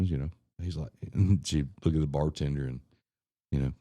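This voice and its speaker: A man's voice: very deep voice, big pitch swings, normal speed, dark tone, no room sound. A man on a podcast telling a casual, profane family story, laughing and acting out what people said. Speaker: podcast co-host.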